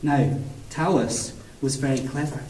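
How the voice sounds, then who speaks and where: A man's voice: medium pitch, measured pace, darkish tone, distant mic. A man telling a myth to a live audience in a playful, theatrical way, often chuckling. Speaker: storyteller. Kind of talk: live storytelling for a family audience. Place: cave. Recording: echoey cave, voice from afar.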